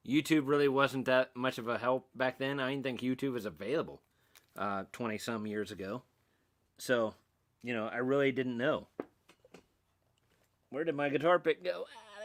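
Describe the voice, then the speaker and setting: A man's voice: mid-range voice, fairly bright tone. A middle-aged man hosting a casual livestream, rambling and self-mocking as he reads out and answers chat comments. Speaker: livestream host.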